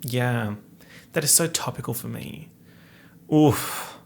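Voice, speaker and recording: A young man chats alone into a studio microphone, hosting his own podcast in a campy, sarcastic style. His voice sits in the middle range but jumps high for jokes. A gravelly, fry-laden texture runs under his words. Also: takes it slowly, a little hiss or hum. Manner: campy, sarcastic, playful with big pitch swings. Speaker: podcast host. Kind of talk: casual solo podcast chat.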